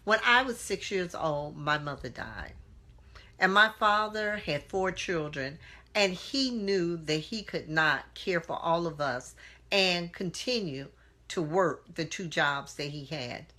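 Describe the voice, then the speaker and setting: A woman hosts her own live motivational stream, speaking earnestly into a phone or webcam. Her voice is bright and forceful, pitched a little low, and she keeps asking her viewers questions and greeting them by name. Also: expressive, slow pace.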